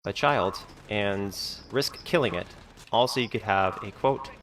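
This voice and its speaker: A man's voice: on the low side, measured pace, fairly bright tone, slight background noise. A man talking in a rambling vlog monologue, full of fillers like "like" and "you know". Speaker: video creator being reacted to.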